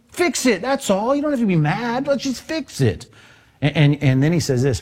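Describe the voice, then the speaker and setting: A man preaching a sermon on a Bible passage, lively and conversational, acting out quoted voices as he goes. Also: high voice, moderate pace. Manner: animated, acts out quoted voices. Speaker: pastor.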